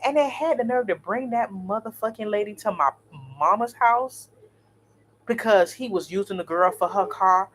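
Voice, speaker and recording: A woman, in her thirties, telling a story in a blunt, animated, cursing vlog style. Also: mid-range voice, normal speed, a little hiss or hum. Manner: blunt, animated, swears freely. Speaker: vlogger.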